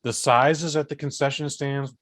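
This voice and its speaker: Man, podcast host, lively profane storyteller, mid-pitched voice, dry close sound. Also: normal speed, no echo. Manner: animated, profane, acts out voices in his stories. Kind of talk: casual storytelling chat.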